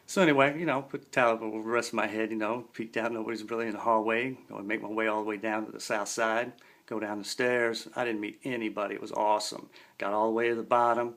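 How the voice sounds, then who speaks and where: A man's voice: on the low side, fairly even intonation, quick pace, fairly bright tone. A man in his forties telling a story in a laid-back, slangy way. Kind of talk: casual spoken storytelling.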